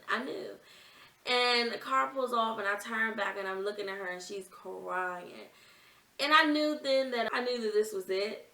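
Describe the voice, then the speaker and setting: A woman's voice: medium pitch, bright, forceful tone, distant mic. A young woman vlogger earnestly telling a personal story in a conversational, emotional way. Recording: echoey room, off-mic.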